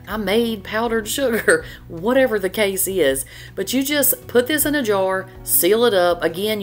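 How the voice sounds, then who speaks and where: A middle-aged woman, hosting a cooking channel in a chatty, folksy voiceover. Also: lowish voice. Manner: chatty, folksy, says y'all a lot. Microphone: voiceover mic.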